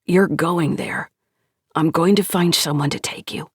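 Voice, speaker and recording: A woman voicing a remorseful male scientist who speaks in a trembling, halting way. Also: sits low, husky, no echo, clean studio sound, full character voice. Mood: urgent.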